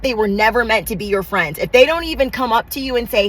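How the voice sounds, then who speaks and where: A woman's voice: fairly high pitch, normal speed, rough recording. A woman giving a channeled tarot reading, talking in emphatic, repetitive affirmations with casual slang. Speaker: tarot reader.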